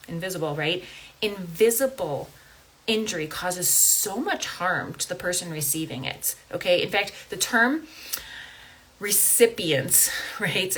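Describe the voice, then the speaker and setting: A woman in her thirties talks straight to her listeners in a casual coaching podcast, with a low, husky voice. She speaks earnestly and keeps checking in with the listener as she goes. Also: fairly bright tone, rough recording. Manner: earnest, conversational, keeps asking "right?" and "okay?". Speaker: life coach and podcast host.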